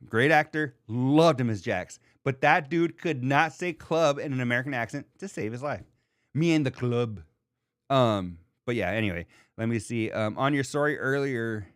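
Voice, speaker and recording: A male podcast host chats loosely with his audience, rambling and full of ums. His voice sits at a middling pitch. The sound is dry and close, with no room echo. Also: a bit bright. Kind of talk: casual chat reading live chat.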